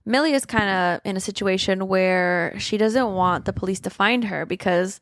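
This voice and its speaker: A woman's voice: normal speed, dry recording, studio quality. A woman co-hosting a casual book podcast, recapping a thriller and acting out characters' lines in a raised voice. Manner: animated, acts out characters' lines with raised pitch. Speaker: podcast co-host. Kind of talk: casual book discussion chat.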